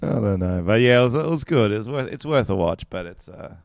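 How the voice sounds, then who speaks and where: A man's voice: lowish voice, animated, brisk, creaky, darkish tone, no echo, studio quality. A young Australian man co-hosting a casual podcast, joking around and swearing a lot. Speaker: podcast co-host. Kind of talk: casual banter.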